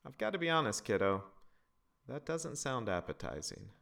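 A man's voice: mid-range voice, big pitch swings, normal speed, vocal fry, fairly bright tone, pitched above the performer's own voice. A man voicing a dry, teasing father at the dinner table. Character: teasing deadpan dad.

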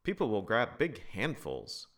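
A man's voice: fairly low pitch, huge pitch swings, unhurried, fairly bright tone, pitched above the performer's own voice, full character voice. A man voicing a dry, teasing father at the dinner table. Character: teasing deadpan dad.

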